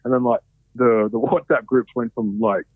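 Husky and medium-pitched, this Australian man in his thirties speaks at normal speed with fairly even intonation while telling stories as a podcast guest. Expect heavy swearing and rambling full of fillers, over dry, phone-like audio with no echo.

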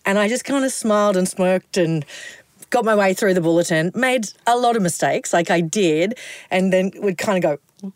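A middle-aged Australian broadcaster tells lively anecdotes in a casual interview, laughing often between lines. Her mid-range voice moves at normal speed, with no room sound.

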